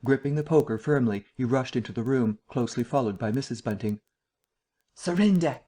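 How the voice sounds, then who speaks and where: Steady male audiobook narrator. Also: mid-range voice, quick pace. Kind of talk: scripted narration.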